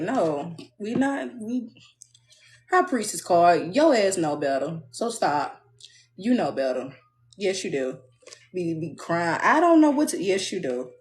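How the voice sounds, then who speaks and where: Blunt, sassy woman reading tarot. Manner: blunt, sassy, preachy, mimics others in high voices. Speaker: tarot reader.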